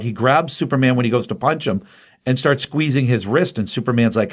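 A middle-aged man hosting a casual chat, excitedly retelling a comic book story in a rambling way with many fillers. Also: mid-range voice, brisk.

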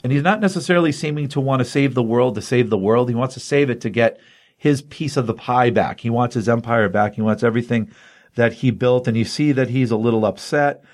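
A man hosting a casual comic book chat, excitedly retelling a story in a loose, rambling way. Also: medium pitch, a little fast. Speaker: comic book podcast host.

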